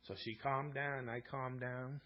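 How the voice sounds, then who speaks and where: A man's voice: mid-range voice, little pitch movement, measured pace, dull audio, a little hiss or hum. A man hosting a live talk stream, telling a long personal story in a rambling, repetitive way and acting out both sides of arguments. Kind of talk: casual storytelling monologue.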